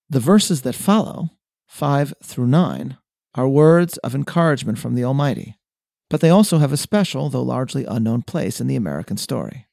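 A man reads a prepared talk in a measured, deliberate way. His voice is mellow and low-toned, with a steady gravelly fry. The sound is dry and close, with no room around it. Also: no echo. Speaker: speaker on Jewish history. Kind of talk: scripted talk read aloud.

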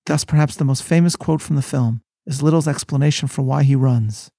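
Gravelly man teaching scripture. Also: medium pitch, warm tone, no echo, clean studio sound. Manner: measured, scholarly, sermon-like. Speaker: host and rabbi. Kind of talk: scripted podcast Bible lesson.

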